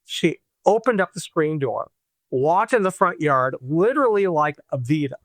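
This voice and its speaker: A man from Michigan, a podcast guest, telling a personal story in an animated way and acting out the voices he quotes. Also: a little high, normal speed, no echo. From Michigan, USA.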